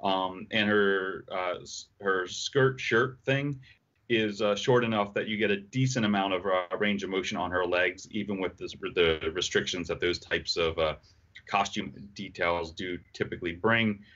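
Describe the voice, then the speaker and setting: A man's voice: low-pitched, fairly even intonation, normal speed, a bit bright. A man explaining product details on a live stream, enthusiastic with frequent halts. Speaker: product designer. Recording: muffled stream audio.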